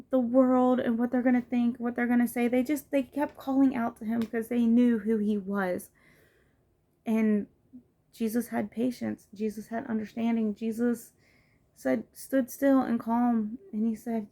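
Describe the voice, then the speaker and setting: A woman's voice: a little high, fairly even intonation, unhurried, mellow. A woman who has children, giving an informal, earnest home devotional as a lay preacher, talking casually with fillers and restarts. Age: adult with children.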